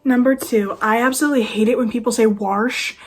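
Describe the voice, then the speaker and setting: Sarcastic husky-voiced young woman. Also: a little high, fairly even intonation, fast talker. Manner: sarcastic, exasperated. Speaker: vlogger. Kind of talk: casual rant.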